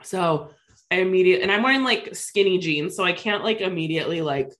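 A woman in her thirties talks quickly in a lowish voice, telling a co-host a personal story. She's chatty and animated, using "like" as filler again and again.

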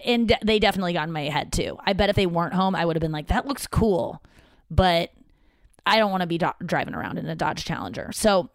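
This podcast host, a woman from the St. Louis area, has a lowish voice, and the recording is dry and clean, like a studio. Sitting in her father's home office, she delivers a casual storytelling monologue full of chatter, swearing, self-mockery, and quotes from other people.

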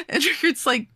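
Bright-voiced giggly young woman. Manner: giggly, acts out characters' lines in quick voices. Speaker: podcast co-host. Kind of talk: casual chat recapping a manga.

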